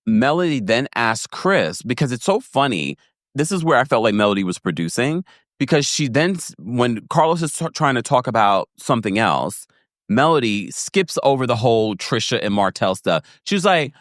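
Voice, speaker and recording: A man giving a casual, animated recap of a reality show, laughing often and acting out quotes in a higher voice. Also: moderate pace, no echo, studio quality. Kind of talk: casual commentary.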